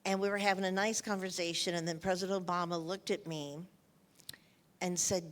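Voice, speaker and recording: A woman's voice: lowish voice, fairly even intonation, brisk. An older woman in an onstage interview, telling anecdotes in an emotional way and often repeating her phrases. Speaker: interviewed author.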